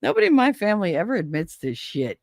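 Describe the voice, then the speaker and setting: Animated chatty woman. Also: mid-range voice, fast, vocal fry, no room sound, studio quality. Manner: chatty, animated storytelling with swearing and laughs. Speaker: livestream host. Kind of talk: casual chat with viewers.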